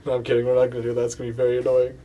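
A man's voice: medium pitch, monotone, racing, mellow, far from the mic. A man co-hosting a podcast, chatting casually about a movie and slipping into goofy impressions. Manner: jokey, breaks into goofy impressions. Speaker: podcast co-host.

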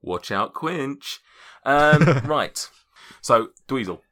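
A man's voice: medium pitch, lively intonation, drawn-out words, fairly bright tone. A man running a tabletop game, rambling and correcting himself as he narrates. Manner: rambling, self-correcting, laughs often. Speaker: game master.

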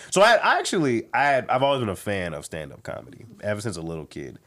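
A young man with a low voice tells a story in easygoing chat. His pitch swings widely as he acts out the other people in it, jumping high and then falling back. He sounds animated and loose. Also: normal speed. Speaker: guest comedian. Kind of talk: casual storytelling.

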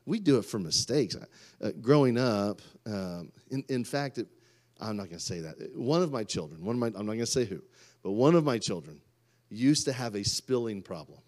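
A man, preaching a sermon and swinging from loud outbursts to quiet asides. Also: lowish voice, lively intonation, moderate pace. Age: 30s. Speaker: pastor.

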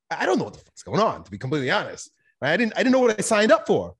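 A man talking as a podcast guest, telling a personal story in a candid, animated way, swearing now and then. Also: sits high, racing, husky. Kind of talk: casual conversational storytelling.

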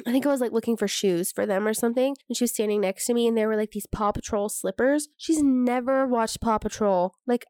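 Young woman, podcast co-host, high-pitched, dry close sound, chatty, swears casually. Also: darkish tone, dry recording. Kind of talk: casual chat.

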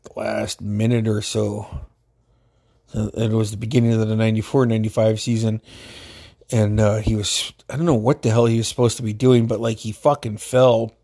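A man's voice: on the low side, warm tone. A man from Alaska telling funny stories in a casual way, swearing constantly and laughing often. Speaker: storyteller. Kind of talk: casual storytelling.

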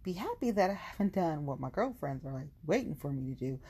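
Woman ranting blunt n profane, dark gravelly voice, swings all over in pitch. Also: big pitch swings, fairly quick. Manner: blunt, profane, emphatic, repeats lines for effect. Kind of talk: casual venting monologue.

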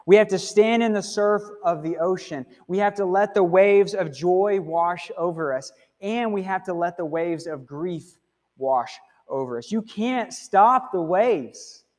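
A man's voice: high voice, unhurried, darkish tone. A man preaching a sermon as pastor in a church, talking conversationally and often checking in with "okay?" and "right?". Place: church sanctuary. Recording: long hall reverb.

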